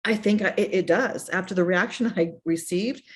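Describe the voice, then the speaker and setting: A woman's voice: mid-range voice, moderate pace. A middle-aged woman from the United States, a bereaved mother speaking earnestly in an interview and often voicing remembered messages. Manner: earnest, repeats herself, voices remembered messages. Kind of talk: emotional personal storytelling.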